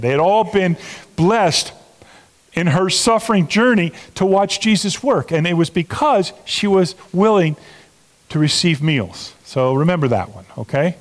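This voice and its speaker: A middle-aged man preaching a sermon as pastor, talking earnestly to the congregation with emphatic stresses and asides. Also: medium pitch. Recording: long hall reverb.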